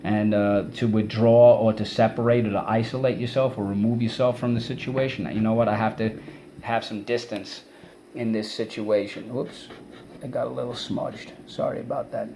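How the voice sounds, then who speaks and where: A man's voice: lowish voice, steady tone, normal speed, vocal fry, dark tone, slight background noise. A male teacher giving a spelling and vocabulary lesson, defining words and leading the class through call-and-response drills, syllable by syllable.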